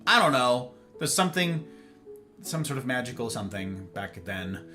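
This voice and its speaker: A man's voice: medium pitch, very animated, normal speed. A man hosting a casual livestream, rambling animatedly to his viewers and acting out little snippets of conversation. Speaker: livestream host. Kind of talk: casual chat with live viewers. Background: faint guitar music.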